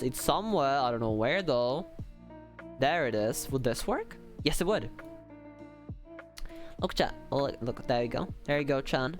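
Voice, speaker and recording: A young male streamer talks casually to his chat, rambling and self-deprecating, filling gaps with ums and likes. His voice sits at a middle pitch. Soft music plays faintly behind him.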